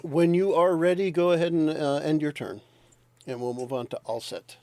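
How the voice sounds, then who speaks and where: A man serves as game master for an online tabletop session. His voice sits a little high, and he talks in a relaxed, laughing way, thinking aloud while he looks up rules. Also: normal speed, dry recording.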